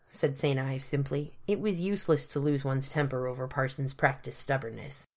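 A woman narrating a novel in a measured, dryly wry storytelling manner. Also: rumbling low. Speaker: audiobook narrator. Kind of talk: scripted narration.

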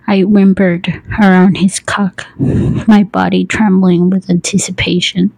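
Slow, gravelly whispering woman. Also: lowish voice, little pitch movement, no room sound, poor audio. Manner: soft, breathy, intimate reading with quiet laughs. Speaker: narrator. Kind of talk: whispered adult story narration.

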